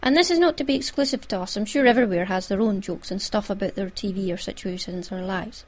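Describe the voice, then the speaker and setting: A Scottish woman hosts her own podcast in a relaxed, chatty way. She talks at an everyday middle pitch and keeps slipping in little asides. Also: fast talker. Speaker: podcast host. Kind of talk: casual podcast chat.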